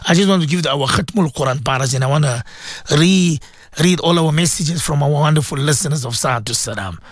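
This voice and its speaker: A man hosting a religious radio show as a cleric, speaking emphatically and repeating phrases, his throat sore and often cleared. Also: a little high, brisk, dry recording, clean studio sound. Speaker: radio host and Muslim cleric. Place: radio studio.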